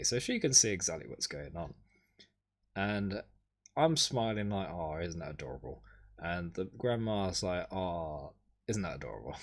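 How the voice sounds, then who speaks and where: A man streaming, casually recapping a holiday over his photos in a rambling, wry way, with sudden excited jumps in pitch.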